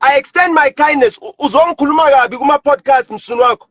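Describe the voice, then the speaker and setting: A South African man's voice, pitched very high and tight, fires off an angry, repetitive, profanity-laced rant into a phone on a live stream. The sound is dry and close with no room around it, but dull and lo-fi like a phone stream. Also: fast, a bit bright, dry recording.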